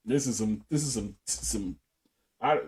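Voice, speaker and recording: A man's voice: mid-range voice, unhurried, a little mellow. A young man co-hosting a podcast, telling a profane story in casual chat and laughing often. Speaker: podcast co-host.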